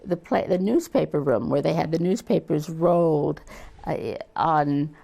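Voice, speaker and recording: An older woman novelist in a casual interview, telling stories in a lively way and acting out the voices of the people in them. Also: sits low, measured pace, creaky. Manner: animated storyteller, acts out quoted voices. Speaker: novelist guest.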